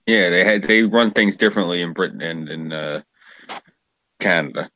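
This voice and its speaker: Deep-voiced man, dry and bright. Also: normal speed, no room sound, highs cut off. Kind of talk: casual chat.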